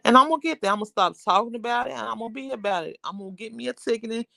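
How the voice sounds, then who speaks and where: Woman, livestream host, rambling casual chat, gravelly fry, dry close sound. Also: a little high, racing, pushed and bright, no echo. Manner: rambling and chatty, greets viewers.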